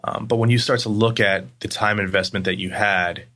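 Man, casual interview, animated storytelling, frequent fillers, low pitch. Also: fairly quick. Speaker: agency guest.

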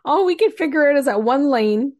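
A Canadian woman co-hosting a podcast, chatting casually and telling stories in an animated way. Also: high-pitched, fairly quick, no room sound, studio quality. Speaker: podcast co-host. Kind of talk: casual chat.

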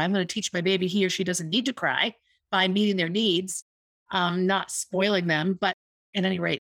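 A woman's voice: medium pitch, steady tone, normal speed, fairly bright tone, no echo. A woman in her fifties hosting a podcast, telling a personal story in an earnest, reflective way and repeating words for emphasis. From United States. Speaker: podcast host.

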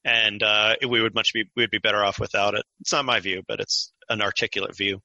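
A man with a very bright, forceful tone and a fairly low pitch talks as a podcast guest, explaining at length and drifting into asides full of fillers. The sound is dry and close, with no room around it. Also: flat delivery, fairly quick, no room sound, lo-fi sound. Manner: explanatory, digressive, with many fillers. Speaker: guest author. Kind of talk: conversational podcast interview.

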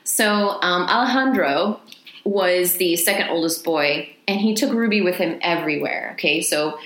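A woman's voice: on the low side, moderate pace, fairly bright tone, roomy sound. A woman with a Texan accent, co-hosting a podcast and telling a story in casual chat, swearing freely and laughing often. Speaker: podcast co-host.

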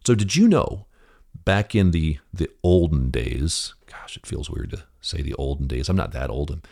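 A man's voice: moderate pace, gravelly. A man in his fifties hosting a business podcast, telling a family story with quoted dialogue, talking casually and restarting often. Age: 50s. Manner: storytelling, acts out quoted dialogue with animated pitch jumps; frequent restarts and fillers, addresses the listener directly. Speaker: podcast host. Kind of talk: conversational business talk.

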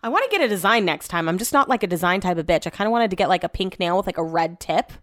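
A woman's voice: fairly low pitch, animated, very fast, a bit bright. A young woman at home chatting casually through a rambling storytime vlog, frank and loose with swearing. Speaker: vlogger. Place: home, indoors.

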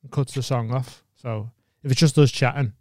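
A young man, co-hosting a podcast in a relaxed way with short agreeing replies. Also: medium pitch, moderate pace, no echo, studio quality. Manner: laid-back, brief agreeing replies. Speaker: podcast co-host. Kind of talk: casual chat.

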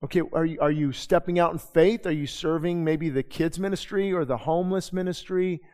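Preaching pastor in a reverberant church hall. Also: male voice, fairly high pitch, steady tone, mellow. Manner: conversational preaching with quick asides and rhetorical questions. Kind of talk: sermon. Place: church sanctuary.

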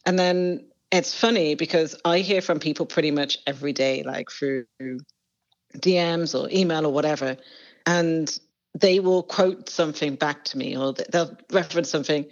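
A woman's voice: sits low, normal speed, lo-fi sound. A woman, an author talking as a guest in an interview, rambling with lots of fillers and restarts. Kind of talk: casual interview talk.

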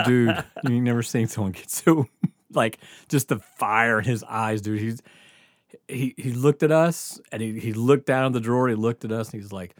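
A man's voice: medium pitch, unhurried, no echo, studio quality. A man casually telling a profane story, laughing and acting out the voices of the people in it. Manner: animated, laughing, acts out others' lines.

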